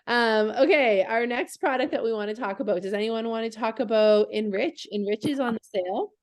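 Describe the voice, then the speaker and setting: A woman's voice: on the high side, moderate pace, darkish tone. A woman hosting a casual group call, chatty and loose, laughing and trailing off as she talks. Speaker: host of a product call.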